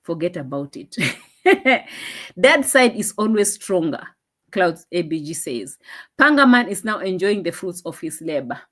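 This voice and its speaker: A young woman hosting a casual live stream, chatting and laughing, dropping into low asides, on a phone mic. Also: big pitch swings, unhurried, a bit bright.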